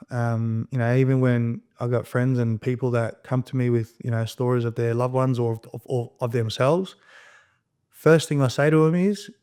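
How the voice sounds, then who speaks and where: A man in his thirties, a podcast guest, telling his story in rapid, animated, profane casual conversation and acting out the dialogue. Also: medium pitch, clean tone.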